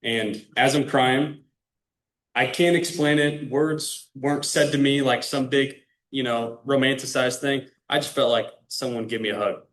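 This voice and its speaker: A man's voice: medium pitch, steady tone, a little slow, fairly bright tone. A young man from Illinois, a guest speaker, tells his faith story in a casual, earnest talk and speaks straight to the audience. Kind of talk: personal faith testimony speech. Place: club meeting room.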